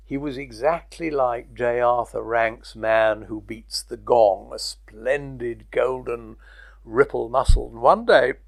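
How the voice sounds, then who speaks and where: A man's voice: mid-range voice, vocal fry, no room sound. An older man recalling his career in an oral history interview, telling stories with chuckles. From Britain. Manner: anecdotal, chuckling storyteller.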